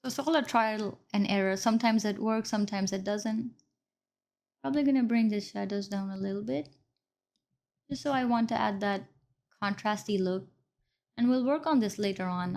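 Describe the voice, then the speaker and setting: A woman's voice: mid-range voice, steady tone, moderate pace, vocal fry, darkish tone. A woman teaching color grading step by step in a screen-recorded tutorial, correcting her own slips along the way. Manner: explains step by step, apologizes for slips. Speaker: video editing instructor.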